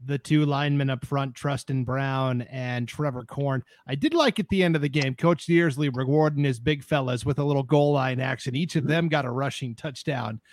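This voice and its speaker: A man's voice: mid-range voice, normal speed, few pauses, no echo. A man hosting a casual sports podcast, upbeat and joking with his co-hosts. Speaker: podcast host.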